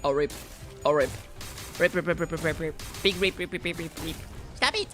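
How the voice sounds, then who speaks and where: A woman streamer chatting playfully over gameplay, making silly noises and swearing in excited bursts. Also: deep voice, a little fast, soft background music. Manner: playful, silly mouth noises and sing-song bits; swears freely in excited outbursts. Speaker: streamer playing a game. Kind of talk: casual gameplay commentary.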